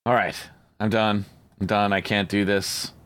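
A man's voice: fairly low pitch, flat delivery, unhurried, a bit bright, dry recording. A man co-hosting a casual prank-call podcast, joking and rambling. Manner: joking, rambling, puts on silly voices. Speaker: podcast co-host.

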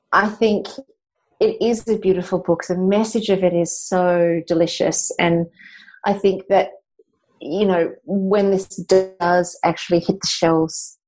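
A woman's voice: medium pitch, mellow. Encouraging woman coach. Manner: enthusiastic and encouraging. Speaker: writing coach and host. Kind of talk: casual chat.

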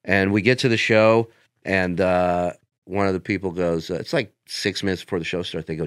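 Low-voiced man telling comedy stories. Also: a little fast, clear, resonant tone, no room sound, studio quality. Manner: animated, profane anecdotes with laughs. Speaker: guest comedian. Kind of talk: casual podcast storytelling.

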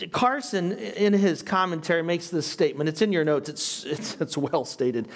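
A man's voice: sits high, animated, moderate pace. A man with a slight foreign accent, a pastor teaching a Bible study in a conversational way and asking his class questions. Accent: non-native English.

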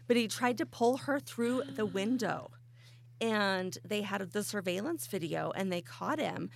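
Chatty woman with a creaky voice. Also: mid-range voice, animated, unhurried. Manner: chatty storyteller, lots of "like". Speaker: co-host. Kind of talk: casual group chat.

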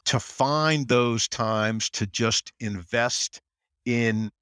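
A middle-aged American man, a general counsel as interview guest, talking in an animated way and acting out quotes. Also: very slow, smooth, no echo, studio quality. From United States. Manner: animated storyteller, acts out quotes in higher voice. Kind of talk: conversational interview.

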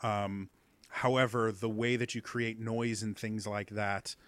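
A man's voice: lowish voice, level tone, a bit bright, no room sound. Eager Midwestern American man explaining. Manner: explains eagerly in quick bursts. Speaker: podcast guest, accent trainer. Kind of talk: casual podcast chat.

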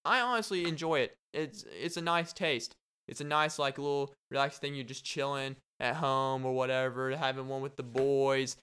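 Young male podcast host, casual solo chat, smooth voice, animated and rambling. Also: medium pitch, moderate pace.

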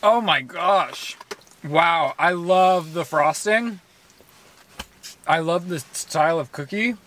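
A woman's voice: on the low side, slow, a bit bright. A woman hosting a podcast, chatting casually and laughing easily. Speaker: podcast host. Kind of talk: casual chat.

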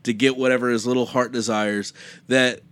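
A man co-hosting a podcast and preaching, telling a Bible story in a casual, animated way and acting out the quotes. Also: medium pitch, normal speed, clean tone, no room sound.

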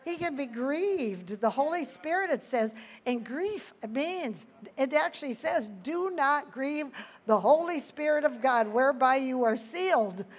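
A woman's voice: sits high, animated, unhurried. A woman giving an earnest Bible teaching, reading scripture aloud with her own asides. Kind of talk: sermon.

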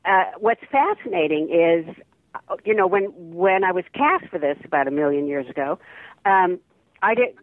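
An older actress chatting as an interview guest over the phone, rambling with restarts and laughing often. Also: female voice, on the low side, expressive, moderate pace, no echo. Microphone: telephone. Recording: tinny dry phone line.

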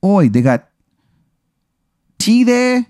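A man's voice: high-pitched, very animated, moderate pace, no echo, clean studio sound, pitched above the performer's own voice. A man voicing a bumbling corporate man who fakes a terrible English accent with hammy slang. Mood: cheeky. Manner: hammy, overdone cockney slang.

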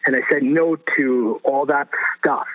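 A man's voice: medium pitch, fairly even intonation, unhurried. A man telling his personal testimony as a guest, earnest and vivid, repeating phrases for emphasis. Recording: phone-like narrow sound.

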